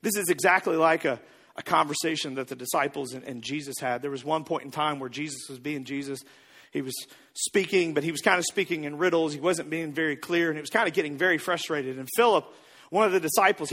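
A man preaching a sermon as pastor, animated and repeating words as he builds each point. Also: high-pitched, moderate pace, breathy edge.

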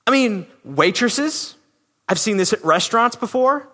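Guy preaching, high bright voice that swings all over, big echoey hall. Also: unhurried. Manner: animated, rhetorical questions, acts out quotes. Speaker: pastor. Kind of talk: sermon. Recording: long reverb of a big hall.

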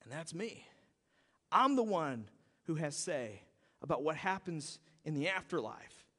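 A man preaching a sermon, telling the story in an animated, conversational way. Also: on the high side, measured pace. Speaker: pastor. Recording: long hall reverb.

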